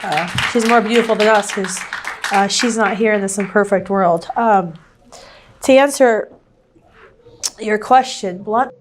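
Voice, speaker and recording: A woman activist answers a question from the audience. She speaks in a measured, explanatory way, building her argument point by point. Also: medium pitch, a little hiss or hum. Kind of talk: public debate answer.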